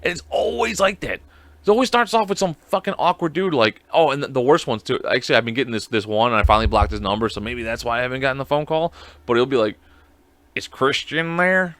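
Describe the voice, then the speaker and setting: A man's voice: mid-range voice, animated, fast, fairly bright tone, no room sound. A man hosting a podcast alone, chatting casually in a rambling, profane, self-mocking way. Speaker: podcast host. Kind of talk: casual solo chat.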